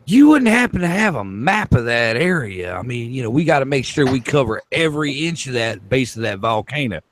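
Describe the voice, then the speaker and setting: A man's voice: mid-range voice, very animated, brisk, pitched below the performer's own voice, natural voice. Man playing a brash flirty American rescuer. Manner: loud, cocky, flirty.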